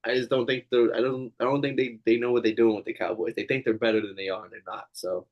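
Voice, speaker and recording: A man's voice: mid-range voice, fairly even intonation, fast talker, highs cut off. A man co-hosting a casual sports betting chat, reasoning through his picks in a laid-back, rambling way. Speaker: podcast co-host.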